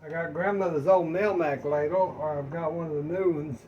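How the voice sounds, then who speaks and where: A man's voice: fairly high pitch, steady tone, moderate pace, a little mellow, far from the mic, dull audio, a little hiss or hum. An older man, chatting in a folksy, rambling way while cooking in his home kitchen. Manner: folksy, rambling, talks to viewers as y'all. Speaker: cooking vlogger. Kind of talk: casual home cooking chat.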